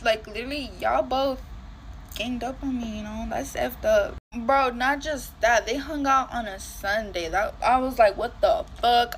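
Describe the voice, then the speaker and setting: A woman's voice: a little high, slight background noise. A woman telling a dramatic storytime while getting ready, full of slang and swearing.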